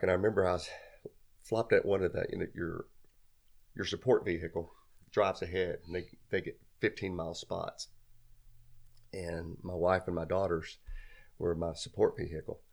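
Gravelly low-voiced man telling a story. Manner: rambling, self-deprecating, laughs often. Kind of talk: casual storytelling chat.

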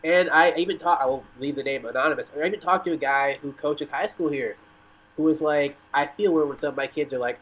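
A man's voice: on the high side, fairly quick, low-quality recording. A man talking casually as a guest on a soccer podcast, telling rambling stories full of "like" and "you know". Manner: rambling storyteller, lots of "like".

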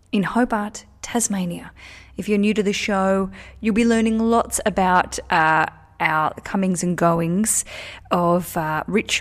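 A woman with an Australian accent hosting a podcast in an upbeat, chatty way with casual slang, recorded in an echoey room in a house. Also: medium pitch. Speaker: podcast host.

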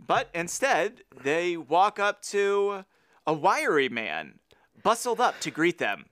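A man co-hosting a casual podcast, reading a story aloud and bantering with excitable, teasing energy. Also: high voice, slow, no echo. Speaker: podcast co-host.

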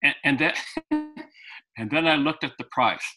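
Man, interview guest, lively anecdotal storyteller, very bright voice. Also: fairly high pitch, measured pace, soft background music, poor audio. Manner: animated anecdotal, with frequent restarts. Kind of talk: storytelling in conversation.

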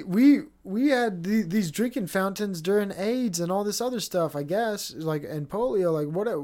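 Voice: mid-range voice, darkish tone. Solo podcast host, thirties, rambling and profane, casual ranting delivery.

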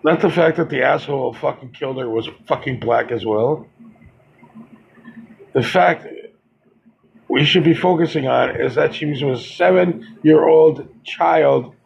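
A man with a deeply gravelly, husky voice delivers a heated, profane monologue, stopping and restarting as he gets worked up. He talks slowly, and the recording sounds dull and lo-fi. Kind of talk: monologue commentary.

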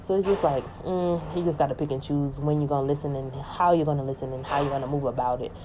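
A woman's voice: sits low, steady tone, fast talker, background noise. A woman in a casual spiritual monologue, rambling and emphatic, often repeating herself.

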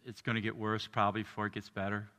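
An older man preaching a sermon as pastor, earnest, dropping soft and low and then rising to emphatic lines. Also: level tone, fast talker, long reverb tail. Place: church.

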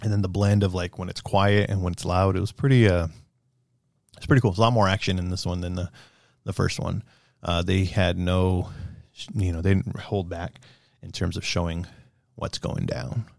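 A young man with a deep, gravelly voice rambles through a casual movie review, animated, full of fillers and the odd swear word. The sound is close and dry, with no room around it. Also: normal speed, dry recording.

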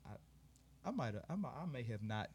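A man's voice: medium pitch, big pitch swings, moderate pace, darkish tone, husky. A man co-hosting a casual podcast chat, rambling with many fillers and frequent laughter. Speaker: podcast co-host.

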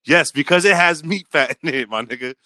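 A man co-hosting a podcast in casual banter, animated and argumentative, explaining at length. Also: a little high, a little fast, dry recording. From New England. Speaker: podcast co-host.

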